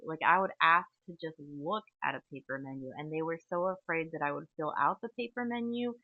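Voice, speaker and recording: A woman's voice: fairly low pitch, no room sound. A woman hosting a solo podcast, talking in a long rambling monologue full of tangents and "okay?" asides. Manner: tangential, chatty, frequent "okay?" and fillers. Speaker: podcast host. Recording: tinny, phone-like dry audio.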